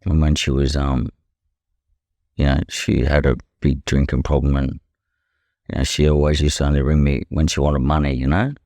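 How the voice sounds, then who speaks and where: Very deep-voiced, blunt Australian man. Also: flat delivery, normal speed, a little mellow, dry recording, clean studio sound. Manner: blunt and profane, leans heavily on "you know". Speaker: podcast guest, professional boxer. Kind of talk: candid conversational storytelling.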